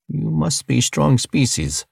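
A man's voice: fairly high pitch, big pitch swings, slow pace, gravelly, husky, no room sound, clean studio sound, voice pushed up, full character voice. A man voicing a large, earnest blue alien cellmate who talks in broken, simple grammar.

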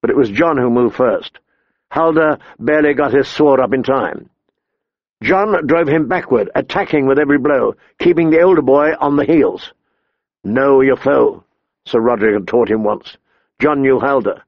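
A man reading an audiobook in a measured, steady storytelling manner. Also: medium pitch, no echo, muffled recording. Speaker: narrator. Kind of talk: audiobook narration.

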